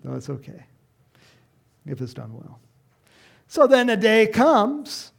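A middle-aged man preaching a sermon, telling a parable in a lively storytelling way and acting out the voices of the people in it. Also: sits high, slow pace, creaky. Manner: animated storytelling, acts out voices, laughs often. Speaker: pastor.

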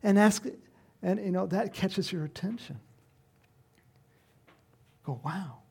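A man's voice: high voice, moderate pace, gravelly, darkish tone, breathy edge. A middle-aged man preaching a sermon in a conversational, rambling way, breaking into emphatic bursts. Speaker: pastor.

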